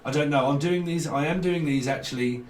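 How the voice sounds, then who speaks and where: A man's voice: on the high side, brisk, recorded from a distance. A man gives a loose, joking tarot reading that wanders from thought to thought. He sits some way back from the mic, so his voice comes across roomy and echoey. A faint hiss of noise sits under it. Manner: rambling, jokey, chuckles between thoughts. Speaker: tarot reader. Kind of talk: casual tarot reading to camera.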